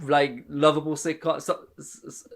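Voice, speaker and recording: A man's voice: on the high side, little pitch movement, normal speed, vocal fry. A man from England co-hosting a podcast, rambling wryly and sounding tired after a long day. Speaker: podcast co-host. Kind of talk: casual chat.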